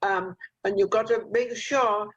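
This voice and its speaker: A woman's voice: medium pitch, fairly even intonation, unhurried, muffled recording. An older woman hosting a talk show over a video call, giving rambling, motherly advice with lots of fillers. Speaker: host.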